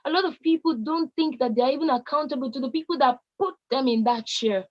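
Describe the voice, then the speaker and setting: Nigerian woman, high-pitched, emphatic and exhorting, motivational conference talk, muffled lo-fi sound. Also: brisk. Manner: emphatic, exhorting, repeats key words for stress. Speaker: conference speaker addressing young people.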